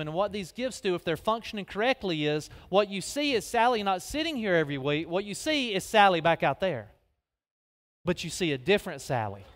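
Folksy high-voiced preacher. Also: male voice. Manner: folksy, animated, directing people onstage. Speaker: guest preacher. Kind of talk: sermon with live skit. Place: large church hall. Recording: long reverb of a big hall.

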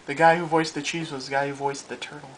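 A man's voice: on the high side, level tone, fast, fairly bright tone, a little hiss or hum, poor audio. A young man chatting casually while drawing, playful and jokey, often quoting cartoons. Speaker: co-host drawing on video.

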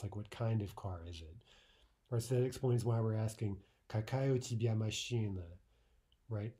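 A man's voice: mid-range voice, warm tone, husky. A man teaching a recorded language lesson, explaining patiently and often checking in with "right?" between points.

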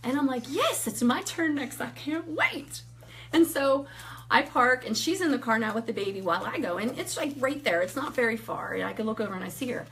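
A woman in her thirties sharing a personal faith testimony in casual conversation, animated, acting out quotes and laughing often. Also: fairly high pitch, quick pace.

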